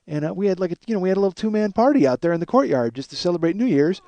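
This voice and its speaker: A man with a high, expressive, mellow voice talks rapid-fire on his own podcast; there's no room sound and the audio is dull. The monologue is rambling and self-deprecating, full of swearing, yawns and restarts.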